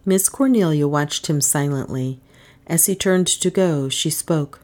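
Low-voiced woman narrating a novel. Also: a little slow, a little mellow. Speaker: audiobook narrator.

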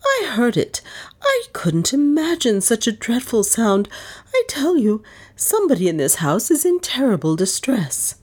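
A woman's voice: medium pitch, huge pitch swings, pitched above the performer's own voice. A woman voicing a proud, resolute older lady of the house who speaks decidedly. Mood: anxious. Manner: decided, brisk.

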